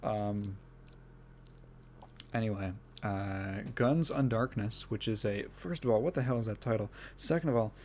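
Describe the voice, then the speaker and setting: A man's voice: on the low side, measured pace, darkish tone, a little hiss or hum. A man hosting a solo gaming podcast in a casual, rambling way, swearing freely and often breaking into laughter. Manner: rambling, profane, laughs often mid-sentence. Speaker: podcast host.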